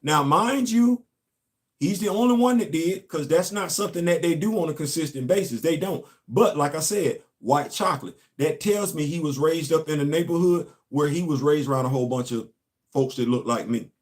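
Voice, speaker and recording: A man's voice: a little high, a little fast, a little mellow. A man, a show host and former Marine, telling a long casual story and asking his listeners rhetorical questions.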